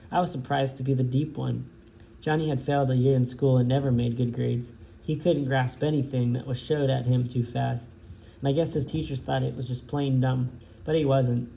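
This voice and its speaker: A man, a teacher, reading a novel aloud in a steady way, often stumbling and correcting himself. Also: medium pitch, vocal fry. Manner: steady read-aloud with frequent slips and self-corrections. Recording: dull lo-fi home recording with faint noise.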